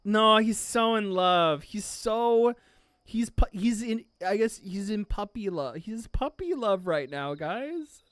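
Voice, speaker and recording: A streamer reacting live to a manga chapter, gushing, swearing and squealing with excitement. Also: medium pitch, slow pace, clear, resonant tone, dry recording, clean studio sound.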